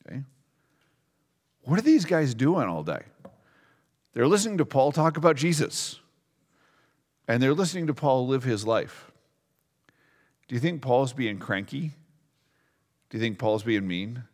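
A man preaching a sermon as a pastor, talking in a lively, conversational way and asking the congregation questions. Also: mid-range voice. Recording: long reverb of a large hall.

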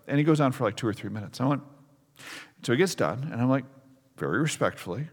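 A man's voice: medium pitch, a little fast. Man preaching in a reverberant church hall. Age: 40s. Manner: lively storytelling, acts out quotes, self-mocking humor. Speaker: pastor. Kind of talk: sermon. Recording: long reverb of a large hall.

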